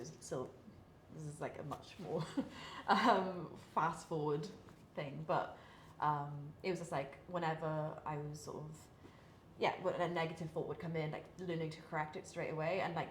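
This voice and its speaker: Low-voiced British woman, chatty and laughing. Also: fairly even intonation, normal speed. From Britain. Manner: chatty, many fillers, laughs between thoughts. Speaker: professional grappling athlete, interview guest. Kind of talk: candid casual interview talk. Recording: echoey room, faint hiss.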